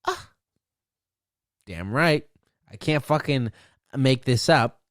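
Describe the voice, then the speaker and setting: Young man, solo podcast rant, swearing and rambling, very lively pitch, dry sound. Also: takes it slowly, no echo. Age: young adult. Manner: profane, rambling, boastful. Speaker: podcast host.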